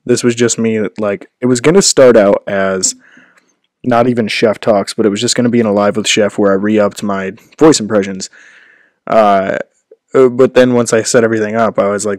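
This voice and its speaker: A man's voice: lowish voice, moderate pace, no room sound, clean studio sound. A young man rambling in a casual vlog, self-deprecating, at a home setup with a desk microphone. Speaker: host.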